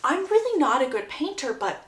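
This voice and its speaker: A woman doing an exasperated young gentleman suitor. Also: high voice, sing-song, normal speed. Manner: exasperated, stiffly polite. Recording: roomy echo.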